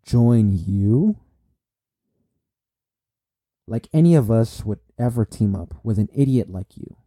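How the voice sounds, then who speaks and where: A man's voice: lowish voice, expressive, a little fast, mellow, dry recording, studio quality. A man reading the lines of a defiant young male pirate captain in a plain voice.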